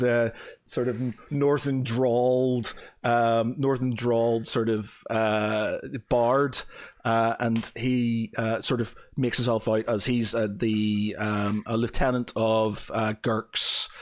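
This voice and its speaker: A man running a tabletop game in a mid-range voice. He talks haltingly, circling back with ums and uhs as he describes what the players see. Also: medium pitch, little pitch movement. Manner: halting, full of fillers and restarts. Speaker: dungeon master.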